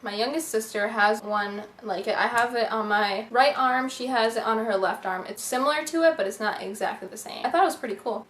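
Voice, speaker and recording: A woman's voice: a little high, fairly bright tone, reverberant, a little hiss or hum. A young woman beauty vlogger chatting casually to camera, giggly and full of "like".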